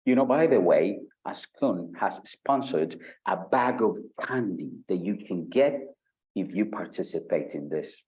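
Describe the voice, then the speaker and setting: A man with a low voice leads a live online exam-prep session. He talks lively, asks the audience questions and reads their chat comments aloud. The sound is dull, lo-fi stream audio. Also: measured pace. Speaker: IELTS instructor. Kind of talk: live online webinar lesson.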